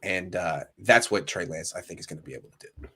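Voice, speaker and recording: A man's voice: low-pitched, fast talker, husky. A man hosting a casual sports talk show, talking animatedly with frequent restarts. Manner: animated, storytelling, lots of restarts. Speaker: sports podcast host.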